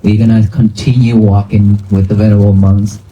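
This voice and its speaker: A man's voice: on the low side, little pitch movement, dark tone, dull audio. A man, a Buddhist monk, giving a plain-spoken dharma talk to a crowd outdoors in a cemetery, in English. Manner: slow, plain-spoken, non-native phrasing.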